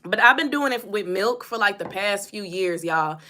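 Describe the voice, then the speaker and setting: A woman's voice: mid-range voice, lively intonation, normal speed, bright, forceful tone. A young woman, hosting a casual livestream on her phone, chatting and reading out viewer comments. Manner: chatty, answers viewer comments, laughs often. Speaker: host.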